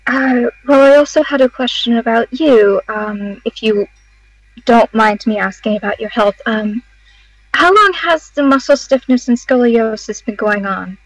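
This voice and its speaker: A woman plays her tabletop character in a measured, courteous tone. Her voice sits a bit high, and the recording is dry and close. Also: dry recording, low-quality recording. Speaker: player.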